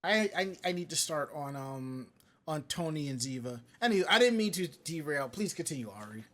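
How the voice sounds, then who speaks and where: High-voiced New Yorker rambling on a podcast. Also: male voice, lively intonation, moderate pace, a bit bright. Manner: rambling, digressive, reads chat comments aloud. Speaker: podcast co-host. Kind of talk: casual live-stream chat.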